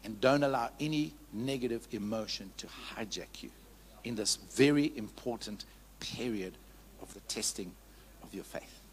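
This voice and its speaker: With piano in the background and a bit of noise on the recording, a low-voiced pastor delivers a sermon at normal speed. He speaks with passion and openness, trading call-and-response lines with the congregation and recounting his personal testimony.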